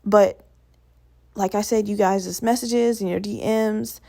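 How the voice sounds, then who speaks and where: A woman's voice: mid-range voice, fairly even intonation, slow, creaky, dark tone, no echo, clean studio sound. A young woman in her twenties from Virginia, hosting a podcast alone in a rambling, profane, chatty way. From Virginia, USA. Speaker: podcast host. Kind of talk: casual solo podcast rambling.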